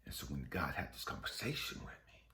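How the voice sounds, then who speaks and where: A man giving an emotional, profane monologue about forgiveness as a spiritual vlogger, swinging from loud outbursts to hushed whispers. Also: a bass voice, sing-song, fairly quick.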